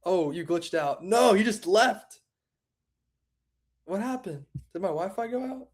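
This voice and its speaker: A young man with a notably high voice hosts an interview over a video call. He speaks softly and hesitantly, restarting and trailing off as he asks his questions. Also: animated, measured pace. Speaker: interview host. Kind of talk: casual remote interview.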